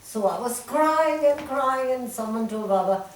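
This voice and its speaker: Older woman, animated storyteller, recorded far off in a roomy hall. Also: fairly high pitch, a little slow. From India. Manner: animated storyteller, laughs often, lively retelling. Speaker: interviewee telling memories. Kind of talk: reminiscing conversation. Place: talk room at a centre. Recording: echoey room, distant mic, faint hiss.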